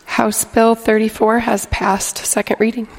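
A woman chairing a legislative committee, calling votes in a calm, deliberate procedural manner. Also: on the high side. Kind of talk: formal parliamentary procedure.

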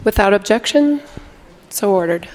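Woman chairing a formal session. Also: medium pitch. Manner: calm, procedural, deliberate. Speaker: committee chair. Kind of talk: formal parliamentary procedure.

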